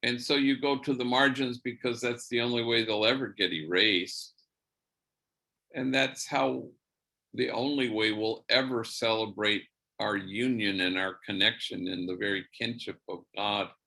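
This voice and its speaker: A man, a priest, telling a story in a church lecture, animated and sprinkled with Spanish slang words. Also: fairly low pitch, unhurried, vocal fry.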